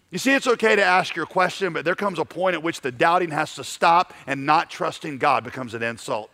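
A man's voice: a little high, brisk, hardly any pauses, sharp tone. A male pastor preaching a sermon, acting out voices and stammering through restarts.

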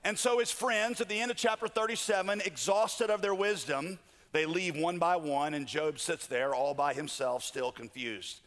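A man's voice: on the high side, moderate pace, fairly bright tone. A man preaching a sermon, telling stories with joking asides. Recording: long hall reverb.

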